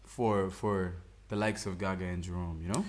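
A man's voice: deep voice, fairly even intonation, normal speed. A young man co-hosting a casual podcast, telling stories and joking with his friends. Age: young adult. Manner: joking, storytelling banter. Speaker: co-host.

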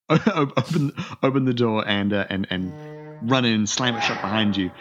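Low-voiced stammering game master. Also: male voice, unhurried, noisy background. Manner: stammering, many repeated words and fillers. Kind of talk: narrating a tabletop game. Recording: dull lo-fi sound.

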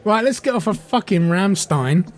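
A podcast co-host in casual chat, chatty and quick with exclamations. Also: mid-range voice, expressive, a little hiss or hum.

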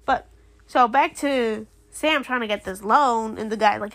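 A young woman recapping a TV episode in casual chat, animated and indignant, slipping into quick impressions of the characters. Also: fairly high pitch. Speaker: show reviewer.

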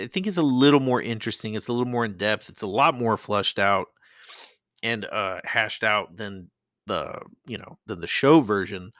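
Speaking close to the mic on his own casual podcast, a male host rambles, curses, and laughs a lot. His medium-pitched voice is a bit bright, and the recording has no echo.

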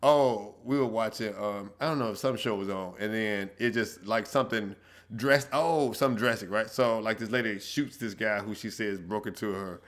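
Roześmiany mężczyzna, jasny głos. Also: male voice, on the low side, moderate pace. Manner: animated storyteller, laughs often. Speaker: podcast co-host. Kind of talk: casual chat.

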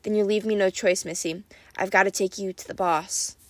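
A woman voicing a gruff, menacing older male cowherd in an audiobook, with a low drawl. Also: steady tone, moderate pace, lightly acted.

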